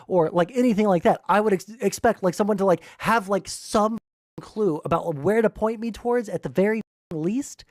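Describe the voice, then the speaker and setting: A man's voice: high-pitched, moderate pace, dry recording, clean studio sound. A young man streaming live, arguing with his chat in an exasperated, rambling way full of fillers and restarts. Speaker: livestream political commentator. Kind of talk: casual livestream rant reading chat.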